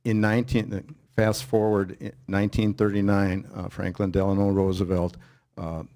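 An older man, an author and lecturer, answering audience questions in a halting, explanatory way with many restarts. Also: lowish voice, flat delivery, mellow. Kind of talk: casual Q&A talk.

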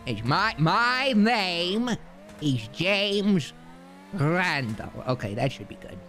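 A man putting on a hesitant, formal impostor voice, all polite yeses and stumbles. The pitch lifts above his own speaking voice and wavers as he tries to hold the act together. A faint hiss of noise sits behind it. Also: very animated, takes it slowly, sharp tone, heavily acted. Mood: nervous formal. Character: old man faking another man's voice, fumbling and polite.

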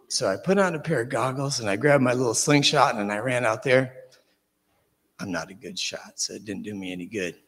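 A man preacher telling a children's story during a church service, animated and dropping to hushed suspense. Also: mid-range voice. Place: church sanctuary. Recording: reverberant church hall.

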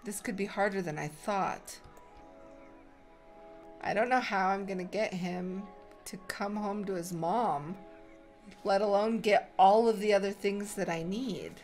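Excitable woman gaming YouTuber, slow talker. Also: medium pitch, soft background music. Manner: excitable, gasping, thinking aloud. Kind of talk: let's play commentary.

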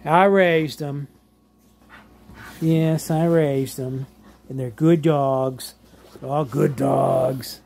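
Slow-talking man doting on his dogs. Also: a little high, steady tone, gravelly, a little mellow. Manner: slow, drawling, doting, laughs often. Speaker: vlogger showing his dogs. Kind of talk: casual home vlog, talking to pets. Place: home living room.

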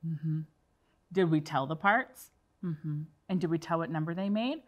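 A woman's voice: low voice, a little slow, dull audio. A woman teaching a kindergarten class on video, talking to the children in a cheerful, encouraging way.

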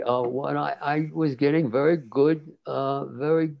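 Gravelly 90-something guy rambling through old stories, lots of uhs, dull lo-fi audio. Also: a little high, steady tone, a little slow. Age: 90s. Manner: rambling, many fillers and restarts, laughs often. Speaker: guest cartoonist. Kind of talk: relaxed interview storytelling. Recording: dull lo-fi sound.

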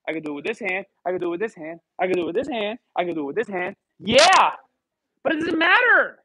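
A man's voice: high-pitched, big pitch swings, fast talker, pushed and bright, husky, no echo, rough recording. A man teaching a live salsa class, counting beats and calling cues in Spanish and English to the dancers. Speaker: salsa instructor.

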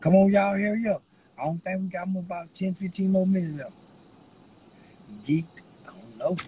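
A man rambling to the camera while high, giggling through his words, teary-eyed from laughing, with a loose, slangy way of talking. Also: moderate pace, background noise. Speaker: vlogger. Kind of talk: rambling stoned chat to camera.

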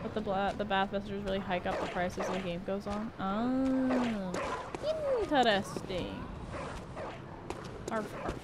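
A woman's voice: medium pitch, fairly even intonation, moderate pace, hardly any pauses. A woman streaming a game, chatting casually and playfully with her viewers. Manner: playful, chatty, giggly asides to chat. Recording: background noise.

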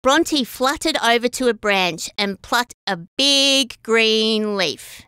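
A woman reading a children's story aloud as a storyteller, expressive and sing-song. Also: fairly high pitch, slow, smooth, dry recording, studio quality.

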